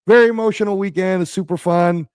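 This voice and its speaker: A man with a hoarse voice, a guest in a casual livestream chat, rambling and laughing as he talks. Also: sits high, steady tone, a little fast, a little mellow, no echo, studio quality.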